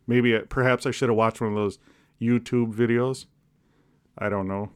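A man co-hosting a podcast, cracking deadpan jokes in casual rambling chat. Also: medium pitch, normal speed, clear, resonant tone. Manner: deadpan jokey, rambling with restarts. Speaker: podcast co-host.

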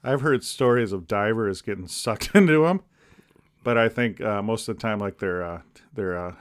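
A man co-hosting a podcast, cracking deadpan jokes in casual rambling chat. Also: on the low side, moderate pace. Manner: deadpan jokey, rambling with restarts. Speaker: podcast co-host.

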